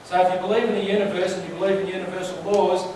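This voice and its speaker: Speaking rapid-fire, a man with a fairly high voice preaches in a relaxed, chatty, storytelling way and keeps asking the crowd questions. His sermon rings around a large, very echoey hall, picked up from a distance over a faint room hum.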